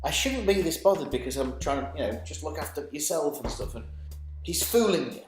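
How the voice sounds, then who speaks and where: A man's voice: on the high side, sing-song, fairly quick. Ranting man in his forties. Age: 40s. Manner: swearing, stammering restarts, heated and sarcastic. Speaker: vlogger. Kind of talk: angry ranting monologue. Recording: echoey room with faint music.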